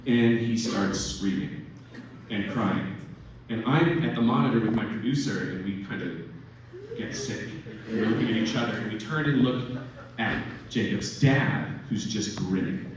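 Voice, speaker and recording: A man spins a lively story for a live audience, laughing through his words. He is heard from a distant mic in a very roomy hall. Loud noise sits under his mid-pitched voice. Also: moderate pace. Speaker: filmmaker answering audience questions. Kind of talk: animated anecdote at a live Q&A.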